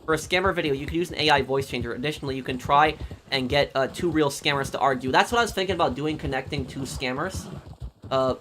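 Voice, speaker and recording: A man chatting live with viewers on a game stream, rambling and halting, with many fillers as he answers their questions. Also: medium pitch, a bit bright, a little hiss or hum. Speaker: gaming streamer.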